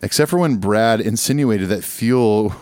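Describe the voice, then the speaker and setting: Man, podcast co-host, casual chat, lowish voice, dry close sound, stumbles over words. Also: unhurried, a little mellow, no room sound. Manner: chatty, stumbling over words, frequent fillers. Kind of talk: casual chat, reading listener email.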